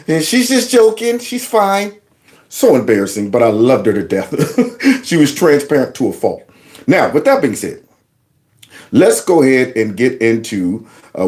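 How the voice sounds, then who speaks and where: A man's voice: medium pitch, darkish tone. A man hosting his own livestream, talking loose and folksy and joking along. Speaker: livestream host. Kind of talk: casual live commentary.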